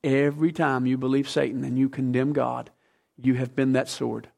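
A man's voice: medium pitch, little pitch movement, normal speed, vocal fry, darkish tone. A man in his fifties, a pastor preaching a sermon, building from plain talk into fervent, emphatic questions.

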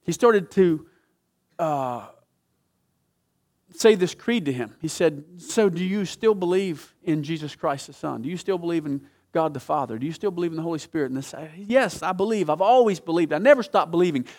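A man preaches and tells a story, his voice sitting a little high for a man. He swings between loud, emphatic peaks and hushed, low-spoken passages. His delivery is dramatic and full of emphasis. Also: normal speed. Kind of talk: sermon storytelling.

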